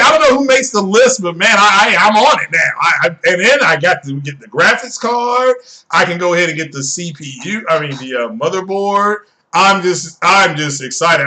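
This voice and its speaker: A man chatting casually on a live stream, excitable and rambling, often repeating himself. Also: sits high, brisk.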